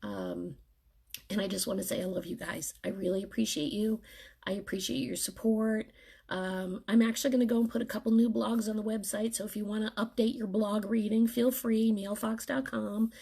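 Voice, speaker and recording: A woman's voice: medium pitch, steady tone, normal speed, vocal fry, warm tone, breathy edge. A woman giving an earnest, teary pep talk to her followers in a casual live video chat. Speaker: vlogger.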